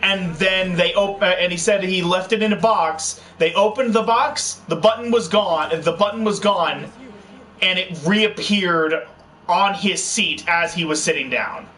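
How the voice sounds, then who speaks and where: Bright-voiced young man chatting from a distance. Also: sits high, a little slow. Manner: rambling, full of restarts and fillers. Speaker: co-host of a gaming channel. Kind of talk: casual gaming chat. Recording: distant mic with faint noise.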